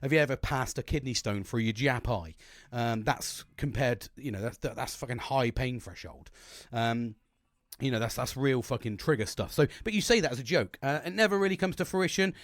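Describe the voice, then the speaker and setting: A man's voice: medium pitch, normal speed, no room sound, studio quality. A man in his forties, a podcast host, rambling through a frank monologue with constant swearing and self-mockery.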